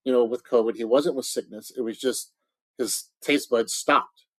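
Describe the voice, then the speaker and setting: A man's voice: mid-range voice, fairly even intonation, moderate pace, fairly bright tone, husky, dry recording. A man co-hosting a casual podcast who adds short, supportive remarks. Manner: supportive, chiming in briefly. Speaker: podcast co-host.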